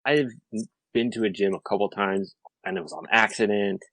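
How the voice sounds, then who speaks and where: A man with a fairly low voice tells a long, animated story, piling on fillers as he goes. The sound is dry and close, with no room echo at all. It is relaxed podcast chat. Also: normal speed. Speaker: podcast guest.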